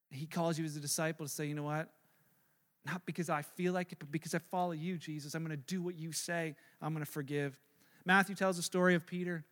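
A man preaching a sermon in an earnest way, growing louder as he retells the story scenes. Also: a little high, long reverb tail. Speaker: pastor.

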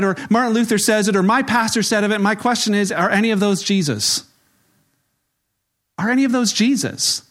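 A middle-aged man with a noticeably high voice delivers a sermon in a relaxed, conversational way. He tells anecdotes from the pulpit and slips into the voices of the people he quotes. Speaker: pastor.

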